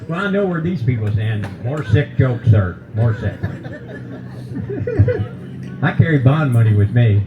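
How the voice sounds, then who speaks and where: A man's voice: mid-range voice, expressive, measured pace, pauses often, narrow, tinny audio, loud music behind the voice. A man in his seventies performing a stand-up comedy set, folksy and teasing the crowd. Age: 70s. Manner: folksy, teasing the crowd, jokes about old age. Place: brewery stage with live audience.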